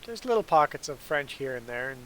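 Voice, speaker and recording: A man's voice: mid-range voice, very animated, brisk, fairly bright tone, a little hiss or hum, low-quality recording. A man from Canada whose first language is German, chatting casually with his viewers in a livestream Q&A and often laughing as he rambles. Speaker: trucker streamer answering chat.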